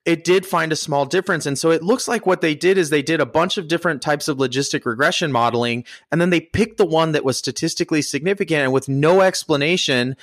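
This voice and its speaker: A man's voice: on the high side, fast, hardly any pauses, a bit bright, dry recording. A man from the United States co-hosting a podcast, explaining things in a laid-back, jokey, plain-spoken way on a close mic. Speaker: podcast co-host. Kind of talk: casual explanatory discussion.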